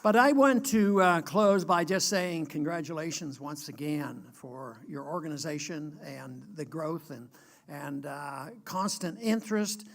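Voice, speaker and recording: Older American man, gravelly, earnest speaker who stops and restarts. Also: fairly high pitch, fairly bright tone. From United States. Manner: earnest, emphatic, halting with restarts. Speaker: guest speaker. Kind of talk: political speech.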